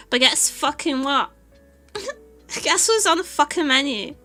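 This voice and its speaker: A Portuguese woman streaming a casual chat, telling an animated story with frequent laughter and swearing. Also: high voice, slow, soft background music. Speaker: VTuber streamer.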